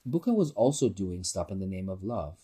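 A man reads a first-person novel aloud with a husky, lowish voice that swings through a lively range. His reading is casual and unpolished, with slips and restarts along the way. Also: brisk. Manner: informal reader who stumbles and restarts. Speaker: narrator.

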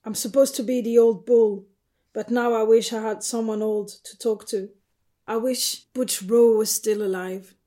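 A woman's voice: a little high, fairly even intonation, a little slow, warm tone, lightly acted. A woman voicing Jan, a blunt weary butch woman. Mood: rueful.

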